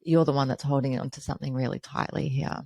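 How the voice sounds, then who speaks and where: A woman's voice: a bass voice, fairly even intonation, fast, darkish tone, no room sound. A woman hosting a podcast interview, telling personal stories in a chatty way full of "you know" fillers. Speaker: podcast host. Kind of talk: conversational interview.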